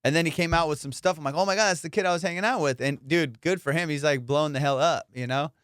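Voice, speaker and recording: Male comedy podcast host, rambling and profane, slightly high voice, dry mic. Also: fast, a bit bright, smooth, dry recording. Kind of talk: casual comedic banter.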